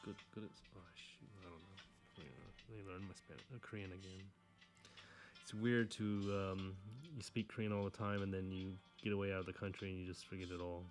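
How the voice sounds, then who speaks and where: A man's voice: low voice, flat delivery, fairly quick, faint music behind. A young man casually chatting while he draws, rambling and correcting himself as he goes. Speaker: artist drawing on camera. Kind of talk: casual chat while drawing.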